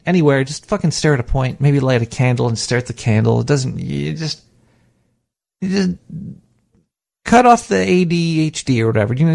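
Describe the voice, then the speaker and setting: A man with a slightly high, fry-tinged voice hosts a podcast through a studio microphone. He rambles animatedly about meditation and self-hypnosis, cursing casually and impersonating the voice in his head.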